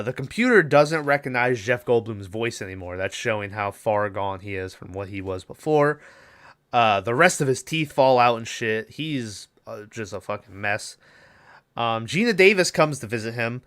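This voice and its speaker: A man's voice: medium pitch, fairly bright tone, clean tone. A young man co-hosting a podcast, casually recapping a movie in a rambling, profane way and acting out its lines. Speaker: podcast co-host.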